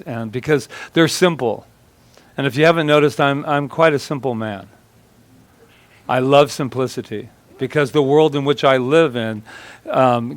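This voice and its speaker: A male pastor giving a conversational sermon at a church service, joking with the congregation and telling stories with animation. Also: medium pitch.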